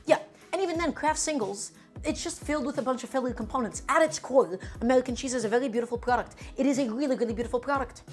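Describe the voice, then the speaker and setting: A woman streaming herself cooking, chatty and emphatic as she talks to her viewers like friends. Her voice sits a little on the high side, with soft music playing quietly underneath. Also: quick pace. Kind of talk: casual live cooking stream chat.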